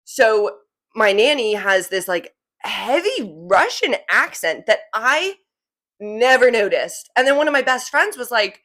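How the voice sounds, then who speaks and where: Twenties jersey girl hosting her show, bit of an accent, super lively up and down voice, rambly and chatty. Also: on the high side, measured pace. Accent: New Jersey. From New Jersey. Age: 20s. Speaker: podcast host. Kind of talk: casual chat.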